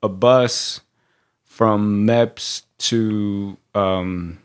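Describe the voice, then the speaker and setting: A man's voice: lowish voice, steady tone, very slow, clean tone. A man telling stories in a casual podcast chat, laughing often and swearing casually as he recounts events. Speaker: podcast co-host.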